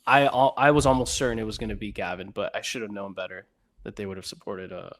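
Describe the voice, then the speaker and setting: A man's voice: fairly low pitch, fast, a bit bright. A man co-hosting a podcast, talking casually and pressing his co-host with follow-up questions. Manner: probing questions, conversational. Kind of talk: casual chat.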